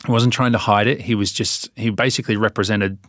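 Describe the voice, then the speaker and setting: An Australian man in a relaxed interview, laughing often and explaining with spoken examples. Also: fairly low pitch, fast, no room sound, studio quality. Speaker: guest. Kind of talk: casual interview chat.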